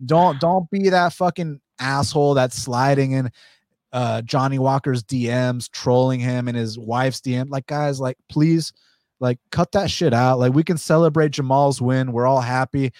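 A man hosting a casual podcast about fight betting, talking in an animated, rambling way with lots of swearing and fillers. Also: mid-range voice, moderate pace, no echo. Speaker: podcast host.

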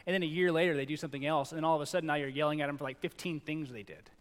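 A middle-aged male pastor preaching a sermon in a conversational, animated way, acting out little quoted lines. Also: fairly high pitch, rapid-fire. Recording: long reverb in a large hall.

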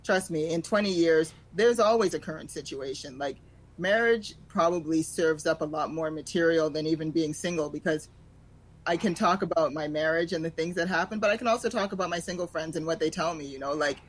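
A woman in her forties, a stand-up comedian telling stories in a frank, animated way, acting out other people's lines as she talks. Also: sits low, fairly quick, poor audio. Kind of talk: storytelling in a podcast chat.

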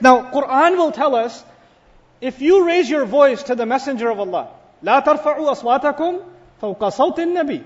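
High-voiced man preaching in a reverberant hall. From United States. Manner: animated, asks the audience questions and acts out quoted speech. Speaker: Islamic scholar and preacher. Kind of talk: sermon to a packed mosque audience. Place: large mosque hall. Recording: dull, lo-fi live recording in a reverberant hall.

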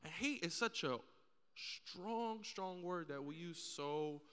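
A man's voice: sits high, lively intonation, slow pace, a bit bright, clean tone, big-room sound. A man speaking earnestly on a church panel, telling stories and acting out the people in them. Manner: earnest storytelling, acts out quoted voices.

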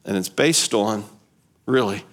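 A male pastor preaching a sermon in an animated way, asking rhetorical questions and repeating key phrases. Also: on the low side, a little slow.

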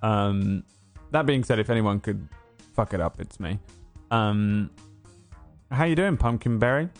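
A man's voice: on the low side, lively intonation, unhurried, faint music behind. A man hosting a tabletop game stream, feeling unwell, rambling and joking with many fillers. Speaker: game master and host. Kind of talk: casual chat opening a tabletop game stream.

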